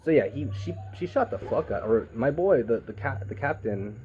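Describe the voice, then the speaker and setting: A man giving a casual, rambling anime review, swearing freely and getting excited as he goes. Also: mid-range voice, moderate pace, muffled recording, faint music behind.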